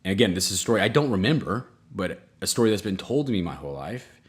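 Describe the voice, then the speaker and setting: Guy doing a solo comedy podcast, kinda low voice, rambly and self-mocking, pitch jumps way up now and then. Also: expressive, fast talker. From United States. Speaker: podcast host.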